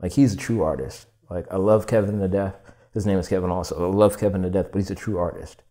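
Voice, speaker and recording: Low-voiced young guy on a podcast, rambling storyteller, swears a lot, acts out quotes. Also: fast talker. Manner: animated, swearing, acting out quotes with many "like"s. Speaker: podcast guest, furniture designer. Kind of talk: casual storytelling interview.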